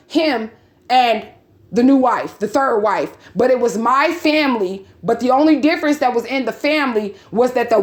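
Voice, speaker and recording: A vlogger in her forties tells her viewers a story and reads out messages, blunt and heated, swearing and firing off repeated rhetorical questions. Her voice sits on the high side, and the recording is reverberant.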